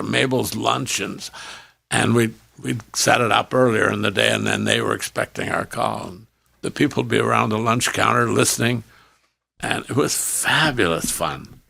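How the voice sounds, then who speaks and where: An older man, a former radio host telling career stories as a podcast guest, animated and acting out the people he quotes. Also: medium pitch, moderate pace, creaky, dry recording. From Canada. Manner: animated storyteller who acts out quoted dialogue. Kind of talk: storytelling in a podcast interview.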